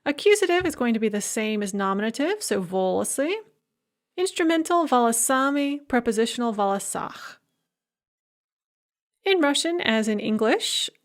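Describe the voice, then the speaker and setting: Higher-voiced woman giving a lecture. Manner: clear, explanatory teaching tone. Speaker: professor. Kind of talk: recorded lecture.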